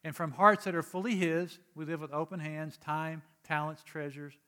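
A man delivers a sermon to his congregation in a fairly high voice. He talks in a conversational way, dropping quiet for explanation and rising for emphatic urging. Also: level tone, moderate pace. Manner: conversational preaching, swings from soft to emphatic. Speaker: pastor.

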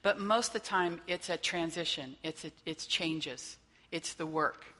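A woman trainer speaks with a lower-pitched but bright, forward voice. She teaches a faith-based session in a loose, conversational way and keeps checking that her listeners are following. A long hall reverb trails behind her voice. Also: unhurried. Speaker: workshop trainer.

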